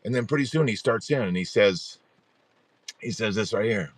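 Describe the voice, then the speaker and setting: A middle-aged man hosting a support group livestream, telling a story in a rambling, animated way and often restarting his sentences. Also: fairly low pitch, moderate pace, no echo.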